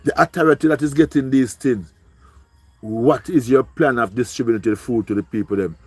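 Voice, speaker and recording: A man's voice: medium pitch, brisk, husky, no echo. A man with a Jamaican accent, pleading and repeating himself as he speaks emotionally to viewers on a live stream. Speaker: livestreamer.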